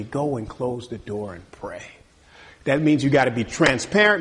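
A man's voice: mid-range voice, expressive, moderate pace, a bit bright, slightly rough. A male pastor preaching a sermon, reading scripture aloud and calling out to the congregation for responses.

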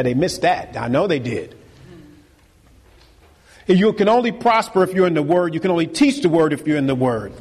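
A man's voice: fairly high pitch, husky, big-room sound. A man preaching a sermon as pastor, emphatic and repeating key phrases for force.

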